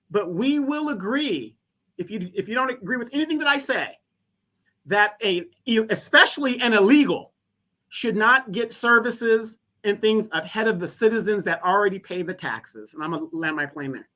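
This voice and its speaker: A woman's voice: on the high side, fairly bright tone. A woman speaking emphatically in a played clip, making a political argument and acting out short exchanges. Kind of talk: impassioned political rant.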